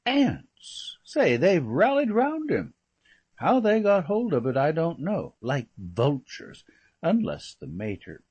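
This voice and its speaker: A flippant young gentleman rattling off gossip, as a man reads him. His husky voice leaps up and down in pitch with every aside. It is an audiobook reading of a chatty, careless talker. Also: exaggerated voice. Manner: rambling, breezy, full of slangy asides.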